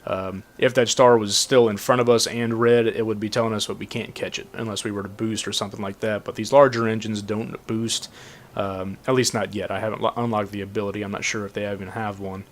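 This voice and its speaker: A man casually commenting on a game while he plays, matter-of-fact and relaxed. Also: lowish voice, brisk. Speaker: gameplay commentator.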